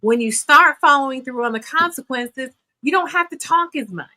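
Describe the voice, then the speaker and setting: A woman's voice: high-pitched, moderate pace, bright, forceful tone. A woman in her fifties, a therapist speaking bluntly and emphatically in a podcast discussion, hammering her points home. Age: 50s.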